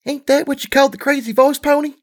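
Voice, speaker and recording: A man voicing a young filly pony, earnest and blunt, with a high girlish voice and folksy slang in a storybook reading. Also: fairly even intonation, fast talker.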